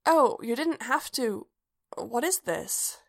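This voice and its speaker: A woman voicing a shy, gentle young man. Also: a little high, animated, takes it slowly, gravelly, voice pushed up, heavily acted. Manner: soft, hesitant and emotional.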